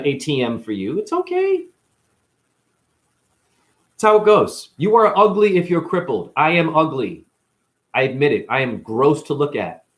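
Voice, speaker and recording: A man in chronic pain, giving a blunt, profane, rambling unscripted monologue on a live stream. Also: mid-range voice.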